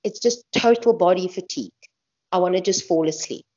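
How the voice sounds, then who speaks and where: A woman's voice: on the low side, fairly quick, mellow. A woman being interviewed about her running, chatty, laughing often and restarting her sentences. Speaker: guest ultramarathon runner. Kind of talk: casual interview talk. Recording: dull lo-fi podcast audio.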